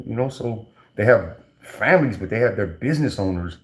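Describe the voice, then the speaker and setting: A man's voice: on the low side, animated, quick pace, few pauses. Slangy, rambling man. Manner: slangy, rambling, many restarts and fillers. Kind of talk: casual storytelling.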